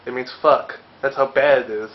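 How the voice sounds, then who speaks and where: A man's voice: mid-range voice, steady tone, normal speed, slight background noise. A young man giving casual gameplay commentary as a let's play host, joking and cursing playfully. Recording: slightly dull audio with faint game music.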